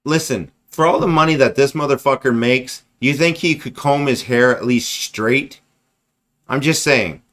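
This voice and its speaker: A man's voice: medium pitch, unhurried, a bit bright. Profane, sarcastic man ranting on a livestream. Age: 40s. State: losing his voice. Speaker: livestream host. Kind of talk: casual ranting commentary.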